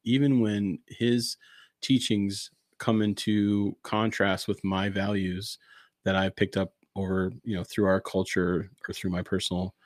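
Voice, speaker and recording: A man's voice: lowish voice, a little mellow, no echo, clean studio sound. A man co-hosting a church podcast, talking casually about faith, laughing often and acting out characters in funny voices. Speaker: podcast co-host.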